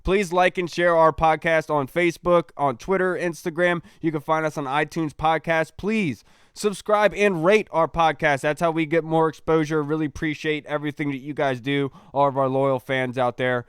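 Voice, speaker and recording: A man's voice: on the high side, fairly even intonation, normal speed, clear, resonant tone, no room sound, studio quality. A man hosting a casual sports podcast, chatty and rambling as he wraps up. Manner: chatty, rambling sign-offs. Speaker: podcast host.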